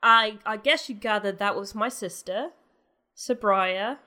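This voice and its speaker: A woman's voice: mid-range voice, measured pace, pushed and bright. A woman in a comedic audio drama who sounds indignant and defensive.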